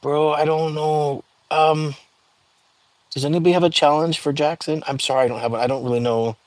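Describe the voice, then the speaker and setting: A man's voice: fairly high pitch, steady tone, fast talker, no room sound. Chatty man on a dry livestream. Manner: chatty, frequent fillers, reads out viewer comments. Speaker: livestream host. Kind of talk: casual livestream chat with viewers.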